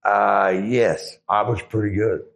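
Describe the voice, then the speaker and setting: Middle-aged ex-Marine guest, very low voice, rambling crude storyteller. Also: male voice, little pitch movement, takes it slowly, gravelly, a bit bright. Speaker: interview guest, former Marine. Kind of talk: casual storytelling.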